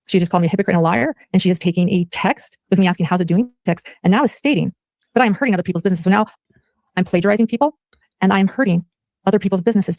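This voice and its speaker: A speaker in a played clip races through a prepared statement in a defensive tone, with a gravelly rasp of fry in the voice. The sound is dry and close, with no room echo. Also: mid-range voice, a little mellow. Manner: rapid, defensive, reading from a script.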